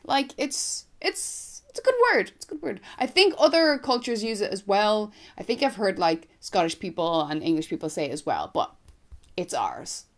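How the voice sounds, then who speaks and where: A young Irish woman vlogging in a loose, rambling way, her speech scattered with "like"s. Her voice is mid-pitched and swings up and down freely as she talks. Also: very animated, normal speed. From Ireland, north County Dublin. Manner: chatty and rambling, with many "like"s. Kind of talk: casual chat to camera.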